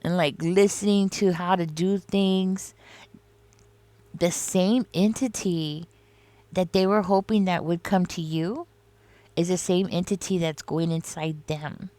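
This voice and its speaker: A tarot reader with a low-leaning, mellow voice takes her time, keeping a steady tone, and there's no room sound. Confiding and casual, she rambles while speaking directly to the listener, with frequent "like" and "you know."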